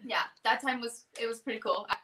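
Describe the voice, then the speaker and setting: A woman's voice: a little high, brisk, distant mic, crowd noise. A young woman guest, one half of a music duo, telling stories in a casual interview chat and acting out past exchanges. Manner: animated storyteller who acts out past exchanges.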